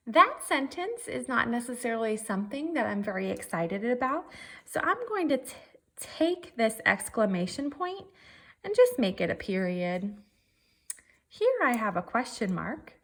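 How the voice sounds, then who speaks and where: A woman's voice: a little high, big pitch swings, a little slow, a bit bright. A woman teacher giving a virtual writing lesson, working through her draft methodically and thinking aloud step by step.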